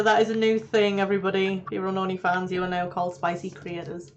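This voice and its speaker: A woman hosting a podcast, chatting casually with lively reactions. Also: mid-range voice, quick pace, hardly any pauses, a little hiss or hum. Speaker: podcast host. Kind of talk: casual chat.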